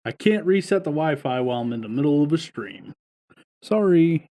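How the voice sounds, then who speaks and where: A man with a voice on the high side speaks at normal speed, his intonation lively and his tone mellow. He co-hosts a podcast from home over wifi, chatting casually about sports, swearing freely, and telling stories that include quoted voices.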